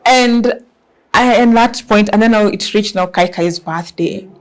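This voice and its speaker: Guest role: young Kenyan woman, Kenyan accent, lively expressive storyteller, mid pitch. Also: measured pace. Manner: lively and expressive, mixes in Swahili words. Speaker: guest entrepreneur. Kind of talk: casual storytelling interview.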